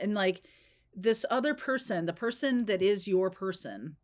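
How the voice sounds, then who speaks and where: A woman's voice: mid-range voice, normal speed. A woman giving a spontaneous tarot reading, talking in a chatty, rambling way and often checking in with "okay?" and "right?". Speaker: tarot reader.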